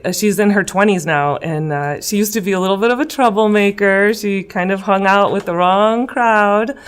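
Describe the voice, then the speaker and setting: A woman in her thirties, a political candidate from West Chicago, Illinois, is a guest being interviewed in a school room. She speaks at normal speed in a clear, resonant, mid-range voice, answering earnestly and emotionally with frequent fillers.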